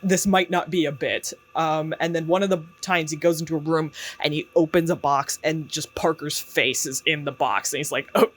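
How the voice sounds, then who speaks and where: A man's voice: fairly high pitch, fairly even intonation, normal speed, hardly any pauses, a bit bright. Chatty, sarcastic man reviewing books. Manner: chatty and sarcastic, lots of fillers and laughs. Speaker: YouTube book reviewer. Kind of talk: casual commentary.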